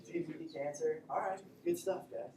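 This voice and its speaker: A man lectures students in a loose, joking way, slipping into short acted-out patient exchanges. His voice sits a little higher than most men's. It comes from some distance across an echoey classroom, with faint room ambience behind. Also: normal speed, mellow, a little hiss or hum. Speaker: instructor. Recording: echoey classroom recorded from afar.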